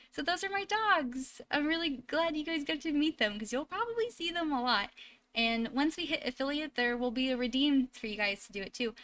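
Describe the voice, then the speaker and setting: A woman's voice: high voice, pushed and bright, a little hiss or hum. A woman live streamer from home, chatting casually with viewers in a chatty way full of fillers and restarts.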